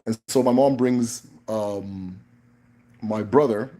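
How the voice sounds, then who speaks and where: A man's voice: fairly low pitch, slow, mellow. A man hosting a casual livestream Q&A, talking in a blunt, emphatic way with frequent profanity. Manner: emphatic, blunt, profane, tags points with "right?". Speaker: livestream host.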